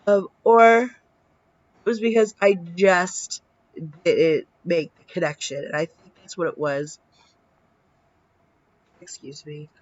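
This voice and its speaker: A woman in her thirties chats slowly and casually to her camera, acting out quoted dialogue and swearing now and then. She sounds tired from a short night. The recording is close and dry, with a slightly muffled, lo-fi tone. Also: lowish voice, steady tone, dry recording. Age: 30s. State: tired from little sleep. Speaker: vlogger. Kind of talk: casual storytelling vlog. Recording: dull lo-fi sound.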